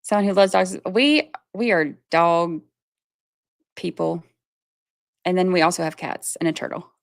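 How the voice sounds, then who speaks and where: A woman's voice: fairly low pitch, unhurried, vocal fry, no room sound, clean studio sound. A woman from Georgia, chatting casually on her livestream and laughing often as she talks to her viewers. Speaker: livestream host.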